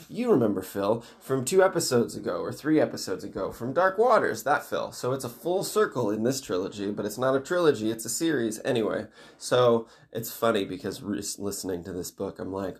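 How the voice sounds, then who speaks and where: A man's voice: mid-range voice, expressive. A man casually retelling a book's plot, rambling and swearing. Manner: rambling, swears, quick voice switches for characters. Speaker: book recapper.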